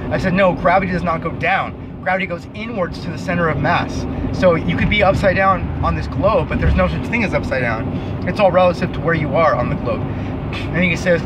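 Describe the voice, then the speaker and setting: A man's voice: high-pitched, fairly quick. A young man in an angry rant to camera, profane and scornful, repeating himself, recorded outdoors. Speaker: vlogger. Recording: noisy outdoor recording near traffic.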